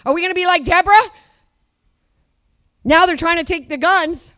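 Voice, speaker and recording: An older woman from the United States preaching a fervent sermon, swinging between loud declarations and low, murmured asides. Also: expressive, brisk, long pauses.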